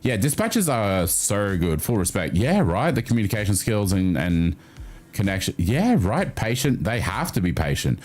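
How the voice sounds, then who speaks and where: A man hosting a livestream, chatting casually with his viewers and swearing freely. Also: normal speed. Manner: animated, chatty, swears freely, jumps up in pitch. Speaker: livestream host. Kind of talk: casual chat with stream viewers.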